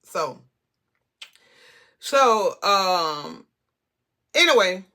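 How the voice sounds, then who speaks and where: A woman's voice: mid-range voice, sing-song, drawn-out words, pushed and bright. A woman telling a personal story to camera in a casual, rambling way, cursing freely and often restarting her sentences. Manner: rambling, profane, many restarts.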